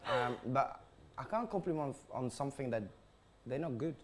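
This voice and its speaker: A man's voice: medium pitch, animated, normal speed, over a noisy crowd. A man chatting as a guest on a live stream, hesitant and giggly. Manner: hesitant, giggly, non-native phrasing. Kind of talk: casual chat.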